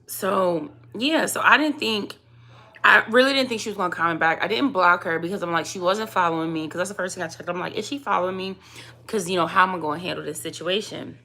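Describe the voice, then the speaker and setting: A woman with a hoarse voice, chatting casually to camera as a vlogger and mom of three, telling a story with lively emphasis. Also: fairly low pitch, quick pace. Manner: chatty, animated storytelling, addresses viewers as y'all. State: hoarse, voice going out.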